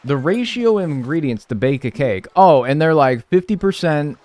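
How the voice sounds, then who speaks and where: A man's voice: on the high side, animated, moderate pace, darkish tone, slight background noise. A man streaming live, chatting casually and joking as he reads and answers his chat.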